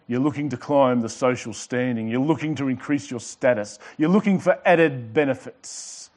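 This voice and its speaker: A male pastor preaching a sermon with emphatic delivery, repeating and underlining his words. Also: medium pitch. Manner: emphatic preaching with pauses and repetitions.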